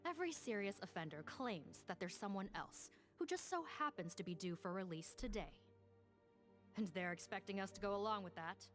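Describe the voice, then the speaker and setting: An actress playing a brisk, skeptical woman officer who speaks in a matter-of-fact way, from a video game. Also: mid-range voice, a bit bright, lightly acted.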